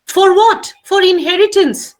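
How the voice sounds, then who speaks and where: Middle-aged Indian English woman, literature teacher, high voice, animated and emphatic. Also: a little slow. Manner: animated, emphatic, repeats key phrases for note-taking. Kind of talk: online literature lecture.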